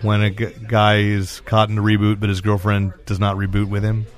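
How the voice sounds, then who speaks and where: A man's voice: fairly low pitch, monotone, fairly quick. A man hosting a casual comics podcast, rambling with restarts and laughing often. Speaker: podcast host. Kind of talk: casual chat.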